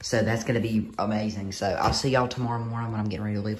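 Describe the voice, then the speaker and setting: Excitable young man vlogging. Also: on the low side, racing, a little hiss or hum. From United States. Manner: excitable, rambling, fillers and restarts. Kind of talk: casual vlog to camera.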